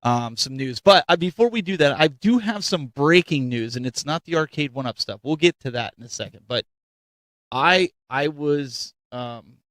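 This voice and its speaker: A man hosting a casual chat show, upbeat and animated, with a close, dry microphone sound. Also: a little high, normal speed, no echo. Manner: upbeat, animated announcer-style delivery. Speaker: host.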